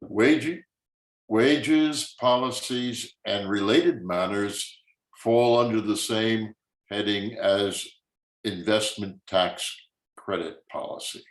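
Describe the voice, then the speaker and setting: A man reads a text aloud to a study group, slowly and plainly, with little lift in his voice. His voice is on the low side. The room gives it a noticeable echo. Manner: plain, fairly monotone reading.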